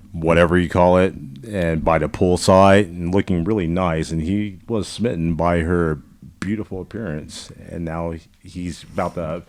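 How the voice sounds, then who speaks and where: A man in casual film discussion, talking in a measured, analytical way. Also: low-pitched, no room sound.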